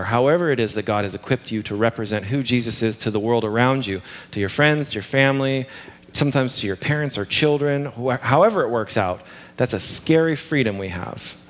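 Male preacher, casual humorous delivery, mid-pitched voice, punchy emphasis. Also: brisk. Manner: conversational, humorous, lively emphasis. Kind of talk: sermon.

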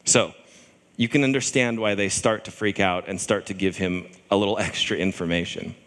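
A man's voice: low-pitched, fairly even intonation, normal speed, a bit bright, long reverb tail. A man preaching a sermon in a conversational way, often acting out the voices of people in scripture.

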